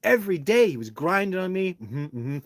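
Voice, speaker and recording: A man hosting a live stream, answering chat in a rambling way that heats up into loud, indignant rants with cursing. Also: high voice, big pitch swings, fairly quick, no echo.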